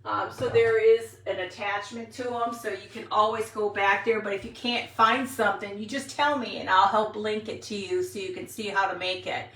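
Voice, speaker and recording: Bright-voiced woman in her sixties, roomy. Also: medium pitch, steady tone, normal speed, few pauses. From Wisconsin, USA. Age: 60s. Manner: chatty, rambling, answers viewer comments. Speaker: craft livestream host. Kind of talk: casual craft livestream chat. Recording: roomy, mic at a distance.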